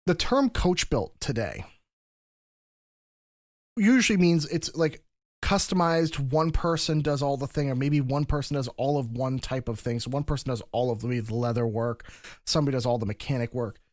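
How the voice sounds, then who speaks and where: A man's voice: medium pitch, moderate pace, no echo, studio quality. A man co-hosting a podcast, explaining history in long, rambling stretches with frequent restarts. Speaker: podcast co-host. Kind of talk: casual podcast discussion.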